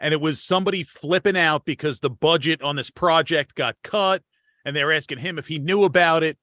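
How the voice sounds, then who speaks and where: A man's voice: on the high side, brisk, sharp tone, no room sound, studio quality. A man co-hosting a casual talk show, swearing freely and reacting with energy. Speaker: podcast co-host. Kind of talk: casual chat.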